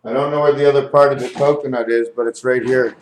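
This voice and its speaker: A man talking to his camera in a rambling home video, counting numbers aloud, correcting himself and getting excited over what he finds. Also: mid-range voice, fast, slight background noise. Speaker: video maker.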